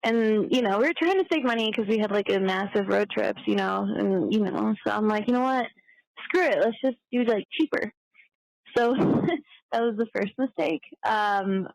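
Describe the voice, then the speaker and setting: A woman's voice: medium pitch, creaky, no room sound, low-quality recording. A young woman leaving a chatty, swearing voicemail story as a caller.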